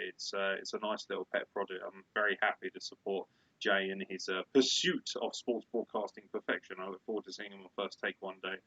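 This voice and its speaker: A man's voice: sits low, a bit bright. A man co-hosting a podcast in casual, rambling chat, swearing freely and laughing a lot. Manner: profane, laughs often, rambling. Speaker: podcast co-host. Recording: lo-fi dull audio.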